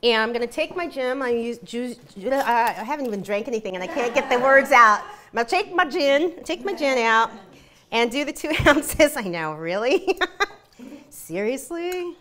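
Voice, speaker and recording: A woman's voice: fairly high pitch, lively intonation, moderate pace, a bit bright. A woman hosting a live cooking demonstration, chatty and giggly. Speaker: cooking show host.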